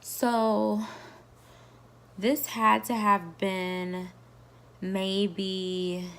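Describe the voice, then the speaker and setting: A woman's voice: lowish voice, creaky, a little hiss or hum. A woman vlogger telling a personal story in a casual, rambling way, full of fillers.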